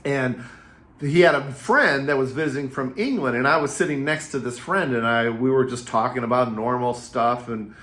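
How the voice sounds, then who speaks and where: A man in his fifties coaches real estate agents in a casual, energetic way, leaning on repetition and anecdotes. His voice sits at an ordinary middle pitch. The room around him gives it a noticeable echo. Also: moderate pace. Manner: energetic, chatty storyteller with repetitive phrasing. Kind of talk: casual coaching talk to camera. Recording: roomy echo.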